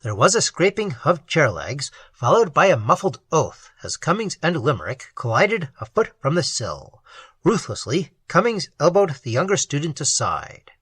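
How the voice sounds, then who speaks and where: A man reading a pulp horror story aloud as an audiobook, in a dramatic, expressive storytelling manner. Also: a little high, normal speed, slightly rough, no room sound. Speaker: audiobook reader. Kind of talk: audiobook narration.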